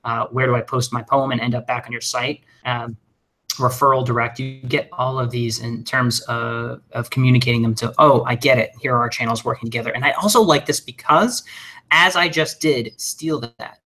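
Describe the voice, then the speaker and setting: A man giving a recorded webinar lesson, talking fast and casually with jokes and plenty of fillers. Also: medium pitch. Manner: energetic, joking, conversational with many fillers. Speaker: webinar trainer.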